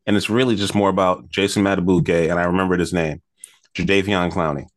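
A man's voice: low-pitched, fairly even intonation, brisk, no room sound, clean studio sound. A man co-hosting a sports betting podcast, giving confident, analytical football picks in casual talk.

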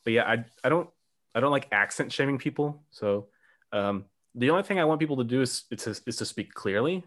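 A man hosting a podcast, with a voice of ordinary pitch. He asks his questions in a relaxed, curious way and sprinkles his talk with "um" and light laughs. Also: a little fast. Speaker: podcast host. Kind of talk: casual interview chat.

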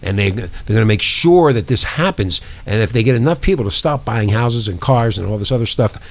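A man's voice: lowish voice, lively intonation, a little fast. A man hosting a talk show from a small studio, ranting in a profane, conspiratorial way. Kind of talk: casual talk show monologue.

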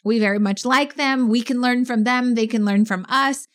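A woman co-hosting a casual podcast chat, telling stories in an animated, emphatic way. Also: on the high side, normal speed. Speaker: podcast co-host.

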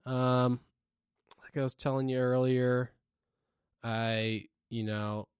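A man's voice: medium pitch, level tone, slow, clear, resonant tone, no room sound, clean studio sound. A man co-hosting a podcast, telling a loose, rambling story in casual chat full of fillers. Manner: laid-back, rambling storytelling with frequent fillers. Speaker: podcast co-host.

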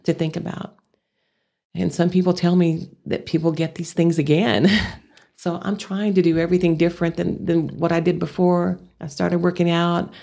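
Older Texas woman, low gravelly voice, earnest interview guest. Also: level tone, moderate pace, warm tone. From Amarillo, Texas. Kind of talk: casual interview.

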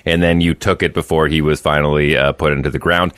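A man's voice: extremely low pitch, little pitch movement, fast, a bit bright, clear, resonant tone, no room sound. A man hosting a morning radio show, chatty and jokey, talking straight to listeners. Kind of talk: casual radio banter. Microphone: studio microphone.

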